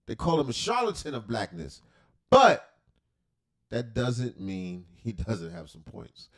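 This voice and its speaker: Lively, rambling man reacting on stream. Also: medium pitch, slow. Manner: rambling, profane, joking asides. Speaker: livestream reaction host. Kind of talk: casual reaction commentary.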